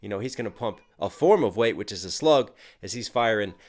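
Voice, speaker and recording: A man's voice: fairly low pitch, a little fast. Hyped man hosting a music reaction. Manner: hyped, animated, breaks down lyrics line by line. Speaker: rapper and reaction host. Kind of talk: casual reaction commentary.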